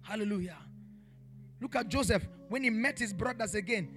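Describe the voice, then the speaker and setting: At a normal speed and in a high-pitched voice, a man preaches a sermon in a Pretoria church with faint music in the background. Repetitive and emphatic, he asks rhetorical questions, rises into shouting, and speaks in tongues in bursts.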